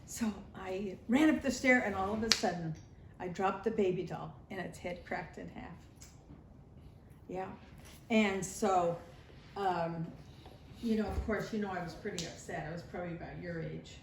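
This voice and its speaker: A woman's voice: on the low side, normal speed. Older woman storyteller, nostalgic family memories, roomy echo, faint room hum. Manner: warm storytelling, nostalgic, acts out family voices. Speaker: grandmother sharing family memories. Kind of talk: recorded family interview.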